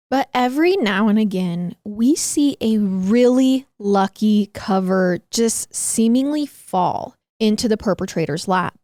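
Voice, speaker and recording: A young woman hosting a podcast, giving a brisk intro and reading from her notes. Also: medium pitch, a little mellow, no echo, studio quality. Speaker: podcast host. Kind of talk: casual chat and scripted narration.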